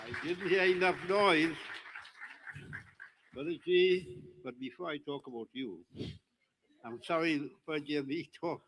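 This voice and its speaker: A man's voice: on the high side, unhurried, long pauses, a crowd in the background, noisy background. An older man from Trinidad, giving a rambling, joking speech to an audience at a live religious event on a handheld mic. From Trinidad and Tobago. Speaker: community speaker at the event.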